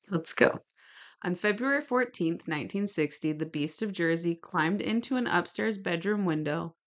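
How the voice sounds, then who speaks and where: A woman with a somewhat low voice tells a true-crime story on a casual podcast. She reads from her notes and breaks off into chatty asides. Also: expressive, unhurried. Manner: gestures while talking. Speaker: podcast co-host.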